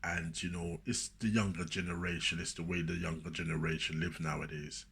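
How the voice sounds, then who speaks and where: A man's voice: low voice, level tone, fairly quick, vocal fry, a bit bright, breathy edge. A man talking casually and preachily to camera, rambling and often repeating himself. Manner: rambling, repeats "you know what I'm saying"; preachy, emphatic. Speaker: motivational speaker. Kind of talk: casual spoken monologue.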